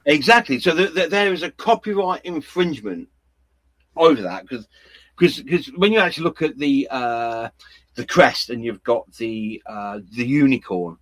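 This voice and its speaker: A man tells stories in a casual chat, often restarting and rambling. His voice is a little husky and sits at an average pitch. The recording is dry and close. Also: animated, moderate pace, fairly bright tone, dry recording, poor audio. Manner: rambling storyteller, many restarts.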